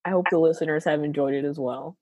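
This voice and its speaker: A woman's voice: low-pitched, fairly even intonation, fast, a little mellow, dry recording, lo-fi sound. A young woman co-hosting a casual podcast chat, laughing often as she talks. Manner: giggly, laughs often while talking. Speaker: podcast co-host.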